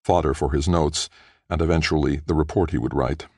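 A man narrating a science fiction audiobook in a measured, even storytelling manner. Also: a bass voice, no echo, clean studio sound. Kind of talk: scripted narration.

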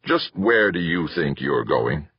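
A man's voice: very deep voice, very animated, takes it slowly, vocal fry, slightly rough, no echo, heavily acted. A man voicing a cold, menacing bearded attack-ship captain with a heavy guttural voice. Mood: cold menace. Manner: cold, threatening. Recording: slightly muffled.

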